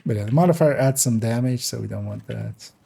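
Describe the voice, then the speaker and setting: A man's voice: medium pitch, a little fast, creaky, warm tone, a little hiss or hum. A man streaming a game live, in casual commentary, thinking aloud hesitantly as he works through numbers.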